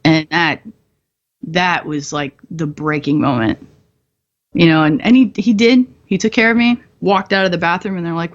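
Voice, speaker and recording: A woman in her thirties, a combat veteran appearing as a podcast guest, speaks at a moderate pace in a fairly low voice, with the high frequencies cut off. She tells a hard story candidly, using blunt, profane humor and laughing often.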